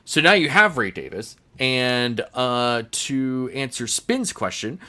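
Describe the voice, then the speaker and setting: A man with a bright, forceful voice hosts a relaxed sports podcast. He rambles through his thoughts in a chatty way and laughs easily. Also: medium pitch, slow pace. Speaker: podcast host. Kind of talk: casual sports chat.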